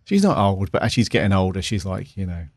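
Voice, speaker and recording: A man's voice: low voice, very animated, quick pace, dry recording, studio quality. A man co-hosting a podcast, talking casually and rambling with many "you know"s. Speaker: podcast co-host. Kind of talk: casual review chat.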